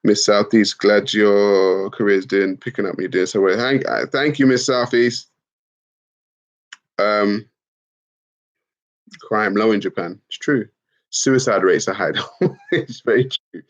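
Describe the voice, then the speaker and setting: A man's voice: on the low side, slow pace, long pauses. A young man chatting casually on a livestream, reading out viewer comments in a loose, slangy manner with some swearing. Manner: laid-back, slangy, swears, laughs at comments. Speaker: livestream host. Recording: dull lo-fi stream audio.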